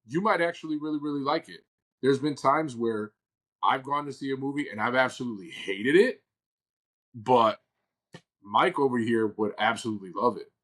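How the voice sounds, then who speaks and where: A man co-hosting a paranormal podcast, talking in a laid-back, casual way full of fillers. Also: mid-range voice. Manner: laid-back, uses filler like "dude" and "you know". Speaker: podcast co-host. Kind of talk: casual chat.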